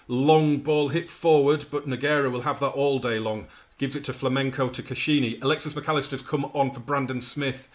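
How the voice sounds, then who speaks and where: A man casually narrating his own football management game, with chatty asides and sudden excited outbursts over the action. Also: medium pitch. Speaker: gaming YouTuber. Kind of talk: commentating his own video game playthrough.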